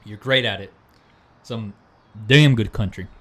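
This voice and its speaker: A man's voice: on the low side, unhurried. A young man hosting a podcast, telling a story in casual chat with lots of bro and dude. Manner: animated storyteller, says bro and dude often. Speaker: podcast host.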